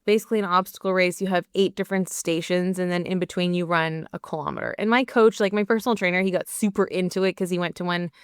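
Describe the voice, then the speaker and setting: Chatty woman, smooth clear voice. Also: on the low side, steady tone, quick pace, hardly any pauses, no echo, studio quality. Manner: chatty, candid storytelling with many "like" fillers. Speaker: podcast host and performance coach. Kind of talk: solo podcast monologue.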